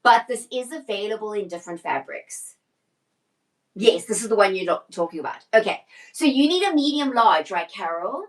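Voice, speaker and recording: A woman's voice: medium pitch, animated, normal speed, low-quality recording. Chatty woman stylist on a live stream. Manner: chatty, answers viewer comments, trails off and restarts mid-sentence. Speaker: personal stylist hosting a live shopping stream. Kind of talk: casual live-stream chat with viewers.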